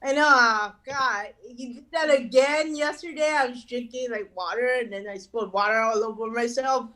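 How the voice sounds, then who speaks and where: A woman's voice: a little high, normal speed, pushed and bright, rough recording. A woman doing an online stand-up set, rambling and swearing, with lots of "you know" fillers. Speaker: stand-up comedian.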